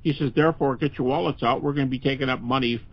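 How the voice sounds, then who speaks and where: A man's voice: medium pitch, steady tone, rapid-fire, slightly rough. An older man, a guest scholar in a podcast interview, speaking earnestly and conversationally with frequent restarts. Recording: dull, lo-fi podcast audio.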